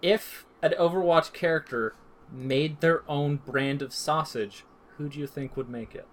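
A man co-hosting a casual gaming podcast, joking and quick to laugh. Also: a little high, steady tone. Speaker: podcast co-host.

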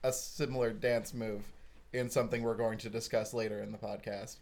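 A man's voice: on the low side, little pitch movement, brisk, gravelly, a little mellow. A man co-hosting a casual gaming podcast, talking in a laid-back, dry, rambling way. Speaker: podcast co-host, game developer. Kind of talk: casual chat.

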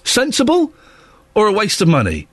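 A man's voice: medium pitch, sing-song, a little fast, dry recording. A man in his thirties with a London accent, presenting a casual morning radio show with wry, self-mocking chat. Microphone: studio microphone.

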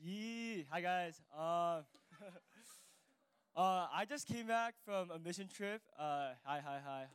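A man's voice: high voice, takes it slowly, clean tone, no room sound. A jet-lagged young man telling his church about a mission trip, casual, rambling and emotional. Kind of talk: spoken testimony.

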